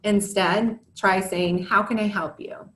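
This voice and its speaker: A woman's voice: mid-range voice, steady tone, slow pace, fairly bright tone, echoey room. A woman in her thirties, a former teacher and parent, giving a prepared talk to parents in an earnest, scripted manner with candid asides. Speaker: educator and parent presenter.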